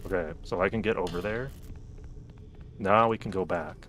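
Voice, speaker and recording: Low-voiced joking game streamer man. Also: normal speed, noisy background. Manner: chatty, joking, talks to game characters. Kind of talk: casual gameplay commentary.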